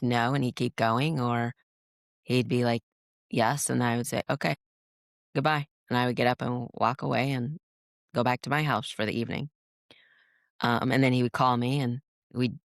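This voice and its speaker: Woman podcast guest, mid-pitched with a gravelly edge, earnest and reflective, dry close sound. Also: dry recording. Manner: earnest, reflective, with frequent restarts. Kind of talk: candid interview storytelling.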